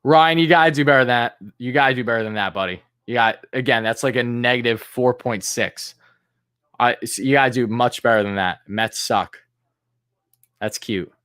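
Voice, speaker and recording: A man hosting a live fan stream, calling pitches play-by-play and griping and swearing about the umpires in an exasperated voice that jumps high on big moments. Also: moderate pace, fairly bright tone, smooth. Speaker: fan commentator and stream host.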